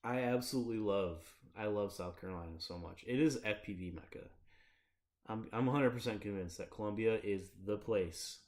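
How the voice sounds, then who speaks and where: A man's voice: on the low side, normal speed, a little mellow. A young man from Michigan chatting casually on his livestream, rambling through stories and laughing often. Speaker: streamer.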